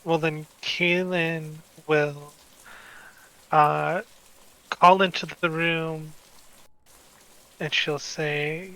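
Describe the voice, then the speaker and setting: A man player chats casually during an online tabletop game, unhurried and easygoing. His voice is bright and forceful and sits a little high. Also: little pitch movement, smooth, rough recording. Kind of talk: casual chat over a voice call.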